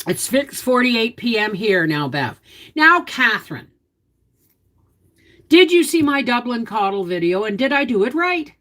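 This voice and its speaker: A lively, folksy woman with a medium-pitched voice hosts a homestead livestream. She chats in a down-to-earth way, explaining cooking and gardening while answering viewers' comments.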